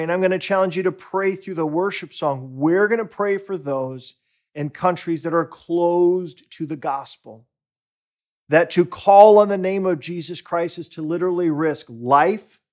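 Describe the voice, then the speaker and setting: A man preaching a sermon as pastor, deliberate and emphatic, rising for stress and sinking to near-whispers. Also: fairly high pitch.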